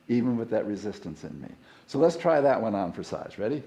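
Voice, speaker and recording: Middle-aged male minister, warm mellow tone, relaxed conversational sermon, leads call-and-response. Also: lowish voice, fairly quick, a little hiss or hum. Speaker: guest minister.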